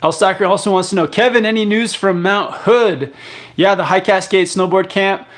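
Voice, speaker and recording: A man's voice: sits high, normal speed. A young man from Canada hosting a live stream, casually reading viewer comments aloud and answering with lots of fillers and restarts. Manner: relaxed, rambling, many fillers and restarts. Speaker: live chat host.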